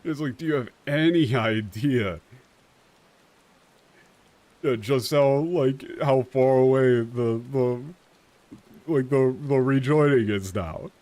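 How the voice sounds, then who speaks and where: A man's voice: mid-range voice, slow, pauses often, no echo. A young man streaming a game, casually explaining translations with lots of fillers and swearing. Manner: animated, profane, many fillers.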